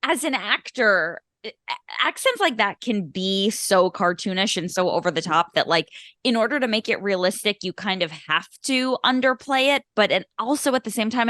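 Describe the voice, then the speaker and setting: A woman's voice: medium pitch, fairly bright tone, no room sound, studio quality. A young woman from Long Island co-hosting a movie podcast, chatty and full of fillers. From Long Island, New York. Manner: chatty, lots of fillers and laughs. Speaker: podcast co-host. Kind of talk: casual chat.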